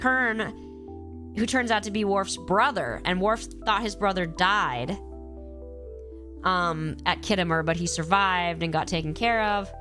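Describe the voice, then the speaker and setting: A woman's voice: medium pitch, a little slow, faint music behind. Congested woman gushing on a live stream. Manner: animated, gushing, acts out quoted lines. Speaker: streamer ranking episodes. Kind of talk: casual live-stream chat.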